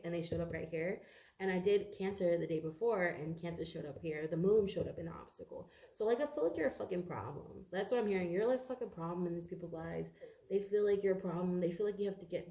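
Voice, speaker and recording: A woman's voice: on the low side, warm tone, roomy sound. A congested woman giving a casual tarot reading to camera, rambling, swearing freely and stumbling over her words. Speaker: tarot reader.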